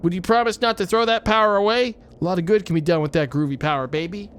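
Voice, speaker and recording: A man voicing a laid-back groovy hippie who talks in a smooth, coaxing way. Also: high-pitched, fast, a bit bright. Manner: smooth, coaxing, calls everyone baby.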